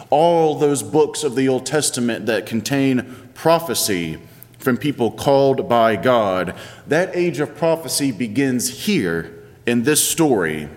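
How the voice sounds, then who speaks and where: A man's voice: medium pitch, long reverb tail. A man in his thirties, a pastor giving a sermon in a conversational, playful storytelling manner.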